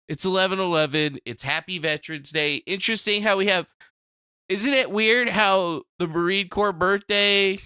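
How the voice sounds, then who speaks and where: A man hosting a live stream, chatting casually and rambling, with profane loud outbursts and mumbled asides to the chat. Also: fairly high pitch, clear, resonant tone, no echo, studio quality. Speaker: livestream host.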